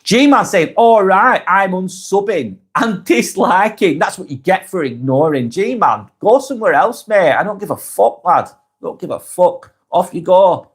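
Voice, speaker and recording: Husky guy doing a live stream, reads comments, blunt and sweary, pitch sits a bit high. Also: sing-song, moderate pace, few pauses. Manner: blunt, sweary, swings between brusque and reassuring. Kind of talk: casual live vlog chat.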